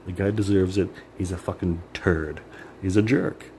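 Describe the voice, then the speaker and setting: A man's voice: deep voice, steady tone, normal speed, mellow, slight background noise. A man venting in a personal monologue, rambling and bitter, swearing and filling his talk with "like". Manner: rambling, profane, many "like" fillers; emotional, bitter. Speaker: vlogger.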